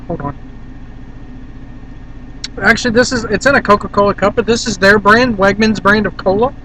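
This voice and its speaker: Filmed on a handheld camera inside a car, a Virginia vlogger talks to the lens in a casual, blunt ramble. His high-pitched, sharp voice comes through poor audio with a little hiss or hum.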